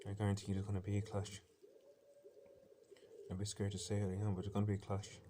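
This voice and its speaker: An intense Irish man rambles through a defiant personal monologue at a fast clip. His voice sits low and stays flat, with little rise or fall. Faint bird sounds play on a laptop behind him. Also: background noise.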